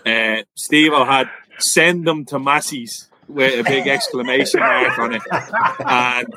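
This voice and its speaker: A man's voice: medium pitch, fairly even intonation, slow pace, noisy background. A man cutting in with teasing remarks in casual podcast chat. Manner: teasing interjections.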